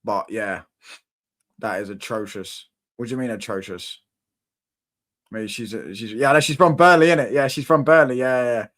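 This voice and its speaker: A man's voice: mid-range voice, moderate pace, pauses often, a bit bright. A young man, hosting a casual livestream and chatting with viewers in a rambling, slangy way, repeating himself and laughing often. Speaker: livestream host. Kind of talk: casual livestream chat reacting to viewer comments.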